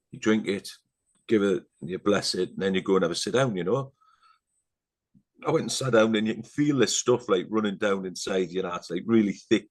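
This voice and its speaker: A middle-aged Englishman with a very deep voice is a guest on a podcast, rambling through fillers and asides in casual chat. He frequently sinks into a hushed, earnest tone.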